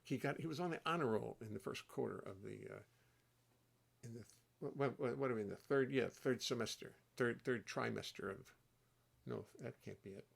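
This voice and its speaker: An older man, a bassist, hosts a relaxed livestream chat from his home studio. His mid-range voice is gravelly with a fry edge, and he talks briskly, rambling warmly and chattily from one story to the next.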